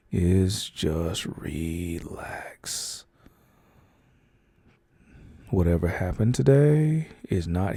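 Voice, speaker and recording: In a whispered role-play, a young man plays the listener's boyfriend and comforts them. His fairly low voice is very dark and husky, recorded close and dry with no room sound. He speaks slowly and gently, soft and reassuring, pausing often with hesitant fillers.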